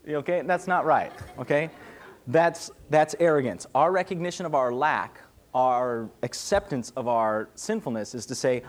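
A young man leads a relaxed question-and-answer sermon, his voice sitting a touch high. He talks conversationally, pausing to ask "okay?" as he explains, like a pastor who keeps things informal. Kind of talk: casual Q&A sermon.

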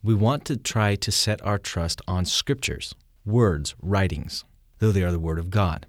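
A man's voice: low voice, measured pace, no echo, clean studio sound. A man leading a conversational theology discussion, explaining through vivid examples and often asking whether the others see his point. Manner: animated explainer, shouts quoted lines in vivid examples, asks "you see?".

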